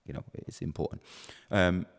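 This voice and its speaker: A man's voice: deep voice, steady tone, moderate pace, creaky. A man hosting a podcast, talking in an earnest, reflective way. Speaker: podcast host. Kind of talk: casual chat. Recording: reverberant room.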